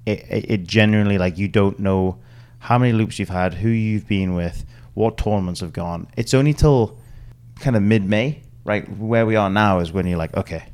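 A man's voice: fairly low pitch, normal speed, a little mellow, smooth. A man hosting a casual podcast, rambling and repeating words as he laughs along with friends. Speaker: podcast host, golf caddie. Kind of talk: casual chat.

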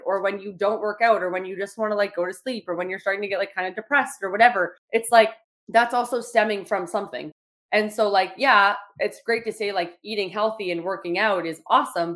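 A woman's voice: medium pitch, fairly bright tone. A woman hosting a solo podcast, talking casually with many "like" fillers and acting out little quoted exchanges. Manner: chatty, lots of "like" fillers, acts out quotes. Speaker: podcast host.

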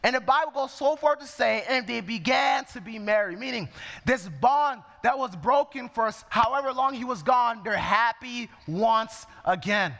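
A man's voice: extremely high pitch, animated, normal speed, gravelly, a bit bright, in a large hall. A man preaching a sermon, reading scripture verse by verse and explaining it as he goes.

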